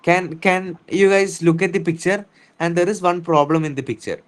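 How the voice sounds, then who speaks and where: Man, indian english accent, fairly high voice, patient teacher, repeats and restarts, online class. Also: steady tone, low-quality recording. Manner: explains words slowly and repeats, with restarts. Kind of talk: online reading lesson.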